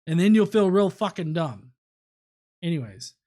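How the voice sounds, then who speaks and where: A man's voice: sits high, lively intonation, warm tone. A man hosting a casual livestream from home, ranting and rambling with plenty of swearing. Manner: profane, rambling, quick to rant. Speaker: livestream host.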